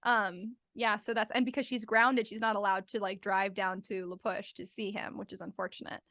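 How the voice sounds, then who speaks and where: A young woman hosting a book club podcast, recapping a novel in animated casual chat and quoting characters in quick asides. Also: medium pitch, dry recording, clean studio sound.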